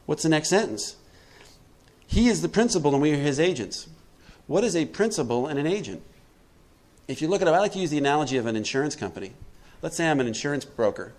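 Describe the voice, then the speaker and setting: A man giving a recovery workshop talk, asking his listeners questions and answering them himself, acting out quotes with big swings in pitch and loudness. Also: quick pace. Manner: preachy, asks the room questions and answers them; acts out quotes with animated swings in pitch and volume. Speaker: workshop speaker.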